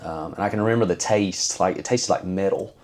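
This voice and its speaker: Podcast guest: man, low-pitched, halting, earnest storyteller. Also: darkish tone. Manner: earnest, halting, many fillers and restarts. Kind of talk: personal storytelling.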